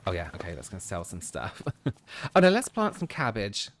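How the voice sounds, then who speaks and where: A man's voice: fairly low pitch, huge pitch swings, brisk, slight background noise. A man streaming a game, chatting casually and rambling as he plays, often breaking into laughter. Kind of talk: casual chat while playing a game.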